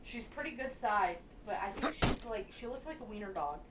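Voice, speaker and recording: A woman casually telling stories in a profane, animated way, quoting people as she goes, on a game voice call. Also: mid-range voice, brisk. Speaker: gamer chatting on voice call. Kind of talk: casual storytelling. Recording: echoey, distant, noisy game voice chat.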